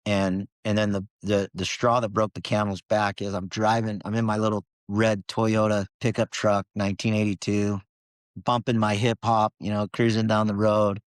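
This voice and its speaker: A man's voice: on the low side, no room sound. Earnest man telling a story, dry and close. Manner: earnest, emotional storytelling with many restarts. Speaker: podcast guest. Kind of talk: storytelling in a podcast interview.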